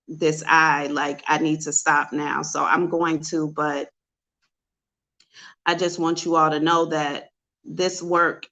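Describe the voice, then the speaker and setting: A psychic host opens her heart to her livestream audience, speaking straight into the camera. Her voice sits a little low but comes across bright and tense. She talks in a direct, confessional way. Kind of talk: heartfelt livestream talk to viewers. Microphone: webcam.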